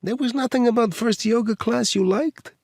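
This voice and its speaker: A man's voice: very high-pitched, moderate pace, darkish tone, no echo, clean studio sound, pitched above the performer's own voice. A male narrator voicing a woman in her thirties with a light Eastern European accent, teasing but guarded. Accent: light Eastern European (acted).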